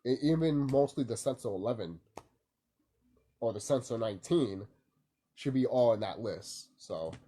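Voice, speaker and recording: Young male vlogger, early-morning ramble, dark husky tone, casual cursing. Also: medium pitch, animated, normal speed, long pauses. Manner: loose, rambling, lots of fillers and profanity. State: sleepy, woken early.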